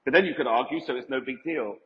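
A man's voice: medium pitch, fast. Emphatic male rabbi in an echoey hall. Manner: emphatic, asks the audience questions. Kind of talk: Torah lecture to a live audience. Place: event hall with audience. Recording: echoey hall, dull lo-fi sound.

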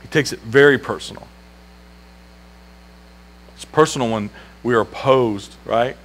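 A man's voice: medium pitch, measured pace, fairly bright tone, poor audio. A male pastor preaching a sermon in a church, emphatic and repeating key phrases, asking the congregation questions. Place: church sanctuary.

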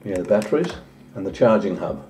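A man's voice: lively intonation, brisk, dark tone, faint music behind. A man talking casually through a home vlog, unboxing a drone and chatting as he goes. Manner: chatty, talks to his dog in a high singsong voice. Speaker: vlogger.

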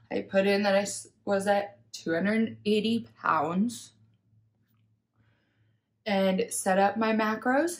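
Slow, candid young woman vlogger. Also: medium pitch. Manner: candid, reflective, retells inner talk and dialogue. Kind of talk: personal storytelling vlog.

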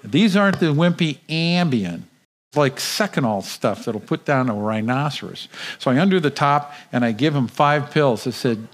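A man speaking as a guest at a church service, telling a dramatic personal story in a lively, vivid way and often repeating words as he goes. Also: mid-range voice, moderate pace.

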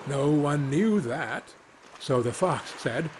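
A man's voice: medium pitch, expressive, a little hiss or hum. A man narrating fairy tales as a soothing bedtime reading. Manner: slow, soothing storytelling. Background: faint ambient sounds.

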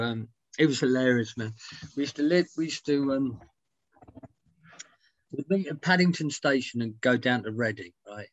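Man telling animated stories. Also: medium pitch, no room sound, muffled recording. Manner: animated anecdotes, swears freely, acts out quotes. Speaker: interview guest, music writer. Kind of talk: storytelling in a casual interview. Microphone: video call.

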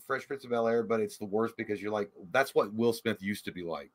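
A man's voice: on the low side, brisk. A man co-hosting a crude, casual livestream, rambling and profane and stumbling over his words. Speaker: podcast co-host.

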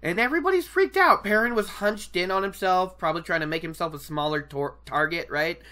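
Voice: medium pitch, fairly even intonation, fairly quick, bright, forceful tone. A podcast host chatting casually about a book, enthusiastic and rambling, laughing often.

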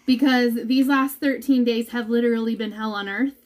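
Her voice is a little high with fairly even intonation and a moderate pace. Indoors at home, this mother posts a heartfelt vlog update for her followers, emotional and talking about fighting back tears.

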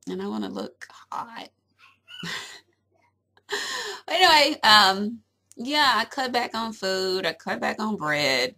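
A woman's voice: mid-range voice, big pitch swings, slow, long pauses, sharp tone. A young woman chatting casually to camera at home. She is giggly and rambling and fills her talk with little asides. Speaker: vlogger.

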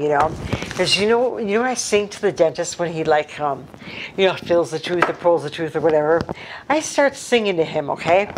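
A woman's voice: lowish voice, slight background noise. A woman in casual chat as an interviewee, rambling and repeating herself while she tells corny jokes.

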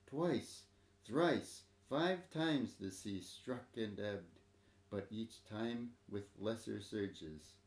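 A man narrating a story in a measured, dramatic reading. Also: on the low side, reverberant.

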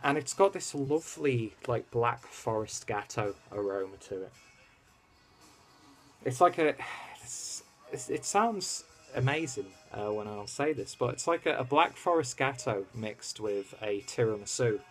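A man's voice: medium pitch, expressive, unhurried, fairly bright tone, faint music behind. A man from the UK, casually reviewing a beer in a rambling, easygoing way full of fillers. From United Kingdom. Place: at home in Germany.

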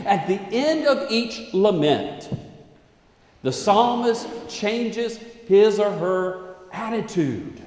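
A male pastor delivers a sermon in a church sanctuary, his voice high and full of rise and fall. He moves slowly and deliberately, swinging between loud declaiming and hushed asides. The room rings with a long, echoing reverb. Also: animated.

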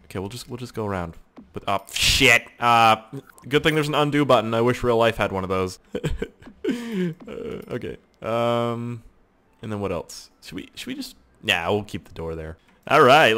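A man's voice: on the low side, a bit bright. A young man giving casual, joking gameplay commentary, swearing and talking to himself as he builds. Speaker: gaming video host.

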